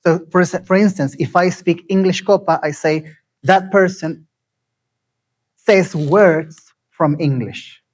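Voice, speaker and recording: A man's voice: high-pitched, low-quality recording. Man lecturing a live audience. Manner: asks the audience questions and repeats phrases slowly.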